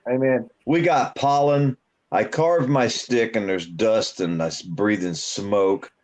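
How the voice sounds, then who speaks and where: Casting note: deep-voiced guy, gruff and grumbling, complains in a casual chat. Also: slow, a little mellow.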